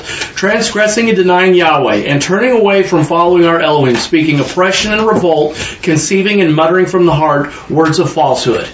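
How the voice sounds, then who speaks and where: A man preaching a sermon, stopping and repeating words, and slowing down to read scripture aloud. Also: high-pitched. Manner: halting, repeats words, slows down to read verses. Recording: dull, echoey room with faint noise.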